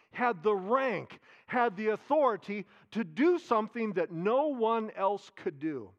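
Guy preaching a sermon, high voice, gets loud then goes real quiet, repeats himself a lot. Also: dull audio. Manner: animated preaching, repeats phrases, drops to soft asides. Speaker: pastor.

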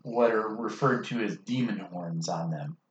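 A man narrating as game master of a tabletop game, unhurried with dry humor. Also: on the low side, slight background noise. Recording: echoey muffled room mic.

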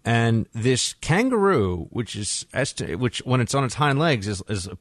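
A man hosting a talk radio show, telling stories in an animated, conversational way into a studio microphone. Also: medium pitch, a little slow, no room sound.

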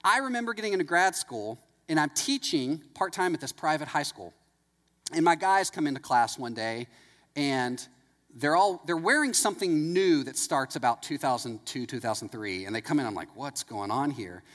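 Male pastor, middle-aged, chatty storytelling sermon, voice a touch high, long hall echo. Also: big pitch swings, moderate pace, a bit bright. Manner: conversational, anecdotal, full of "like".

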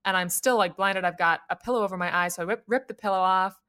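An American woman, a young adult, co-hosting a podcast and telling a personal story in a casual, animated way, laughing often. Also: mid-range voice, quick pace. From United States. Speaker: podcast co-host.

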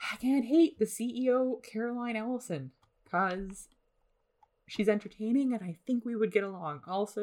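A young woman hosting a casual solo podcast from home, rambling with self-deprecating, sarcastic asides. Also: mid-range voice. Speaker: podcast host. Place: home in the suburbs.

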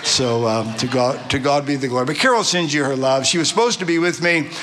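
A man's voice: mid-range voice, a little fast, background noise. A man, preaching a sermon as a visiting pastor in an exuberant, affectionate way, often restarting his phrases. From Arizona.

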